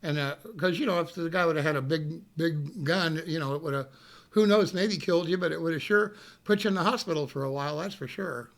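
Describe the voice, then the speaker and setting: A man telling a story casually on a live stream, animated, swearing freely and laughing as he goes. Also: a little high, brisk.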